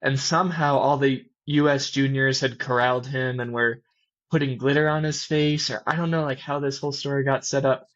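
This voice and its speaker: Male co-host, flat delivery, dull lo-fi mic, relaxed chuckling anecdotes. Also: medium pitch, brisk. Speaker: podcast co-host, ski mountaineer. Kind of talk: casual podcast chat.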